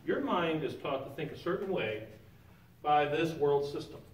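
A man's voice: on the high side, lively intonation, moderate pace, a little hiss or hum. A man teaching an informal Bible lesson in a church sanctuary, talking conversationally and quizzing his class with questions. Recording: roomy echo, picked up from a distance.

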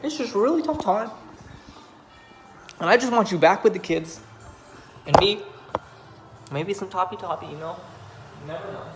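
In a reverberant space with music behind him, a man with a high-pitched voice records a mock-dramatic video message for a friend, begging him to come home. He speaks at a normal speed, pausing often, and his melodramatic joking dissolves into laughter.

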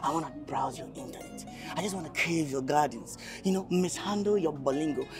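A man's voice: on the high side, fairly quick, music in the background, natural voice. A man playing a giggling Nigerian flirt. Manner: laughing, teasing, pushy pidgin-tinged flirting. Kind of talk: Nollywood film acting.

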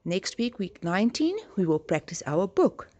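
A woman teacher giving a slow spelling lesson to young children, spelling words letter by letter and encouraging them. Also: lowish voice, big pitch swings, dark tone, dull audio.

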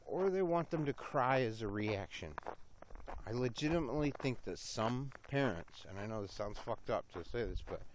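A man talks to his handheld phone camera as he walks along a road, rambling and swearing with a giddy, hyper edge. His voice sits at an ordinary pitch. A faint hiss of outdoor noise runs under it. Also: animated, moderate pace. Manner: rambling, swearing, talking to himself. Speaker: vlogger. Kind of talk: casual walking vlog.

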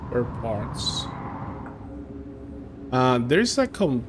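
Excitable young man streaming a game. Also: medium pitch, very slow, noisy background. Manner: excitable, chatty, talks to chat. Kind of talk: casual live game commentary.

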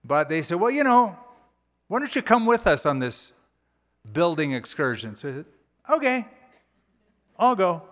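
A man preaches from the pulpit, casually retelling scripture and slipping into lively quoted voices. His voice sits a bit high. The sound rings with the long reverb of a church hall. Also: moderate pace. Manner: conversational, folksy paraphrasing with animated quoted voices. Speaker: pastor. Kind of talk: sermon. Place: church auditorium.

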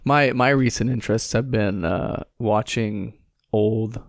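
A man's voice: fairly low pitch, measured pace, vocal fry, no echo, clean studio sound. A man co-hosting a podcast, chatting casually and rambling with lots of fillers and swearing. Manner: rambling, profane, many fillers and restarts. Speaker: podcast co-host. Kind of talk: casual chat.

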